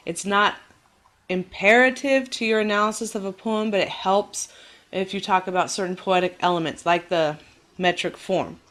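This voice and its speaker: A woman's voice: mid-range voice, fairly bright tone. Patient woman teaching a lecture. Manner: patient, clear explanations, reassuring; exaggerates stress when demonstrating rhythm. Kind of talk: recorded classroom lecture.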